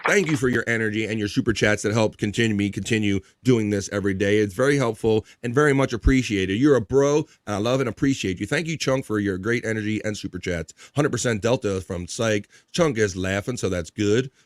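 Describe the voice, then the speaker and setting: A man's voice: fairly low pitch, brisk, few pauses, no room sound, studio quality. Chatty male livestream host. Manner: upbeat, thankful, chatty. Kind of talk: casual chat, reading chat messages.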